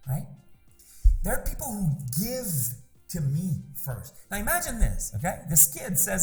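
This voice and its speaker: A man's voice: high-pitched, wildly swooping pitch, measured pace, a little mellow, faint music behind. A man speaking as a business mentor in an emphatic motivational talk, repeating rhetorical questions to drive points home.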